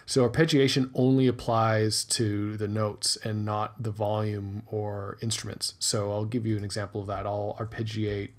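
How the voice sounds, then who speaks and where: A man's voice: lowish voice, flat delivery, moderate pace, hardly any pauses. A man hosting a music tutorial, explaining methodically and thinking aloud as he works through the steps. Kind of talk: screen-recorded tutorial narration.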